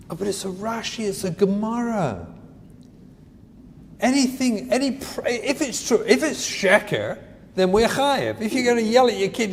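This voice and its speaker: A man giving an earnest, emphatic inspirational talk on parenting, mixing in Hebrew terms. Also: fairly high pitch. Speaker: parenting speaker. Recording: echoey hall, faint noise.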